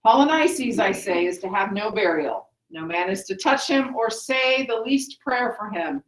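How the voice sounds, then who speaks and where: A woman's voice: medium pitch, lively intonation, measured pace, close to an everyday voice. A woman reading as proud king Creon. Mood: stern. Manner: formal, declaiming read-aloud. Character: proud, stern new male king addressing elders. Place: classroom. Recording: echoey classroom.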